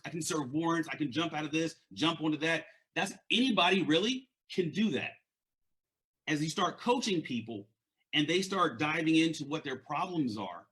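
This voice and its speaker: A man with a slightly bright voice on the high side works as a leadership and mindset coach. He stutters and often repeats words while giving an earnest, conversational motivational talk.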